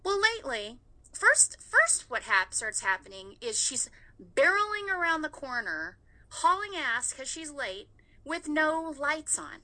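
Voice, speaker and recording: A woman in her thirties with a very bright, ringing voice and a fairly high pitch. She tells her story in a lively, animated way and swears without holding back. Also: measured pace, rough recording. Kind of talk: casual chat.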